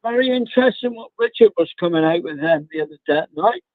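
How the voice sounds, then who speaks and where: A man calling in to a live stream, rambling with many pauses and calling the host mate. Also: high voice, lively intonation, dry recording. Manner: rambling, says mate a lot, frequent ums. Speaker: caller. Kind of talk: casual phone chat. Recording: tinny dry phone line.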